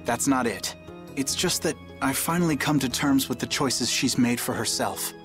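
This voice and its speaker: An actor voicing an earnest young male knight in a video game, speaking in a formal, measured way, with game music behind him. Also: mid-range voice, fairly bright tone, natural voice. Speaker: game character.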